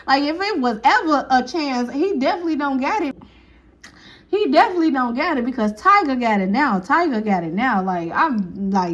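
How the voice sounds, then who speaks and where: A woman's voice: high-pitched, normal speed, lo-fi sound. A woman telling a casual storytime, acting out each person's lines and laughing often. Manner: animated, acts out quotes, laughs often.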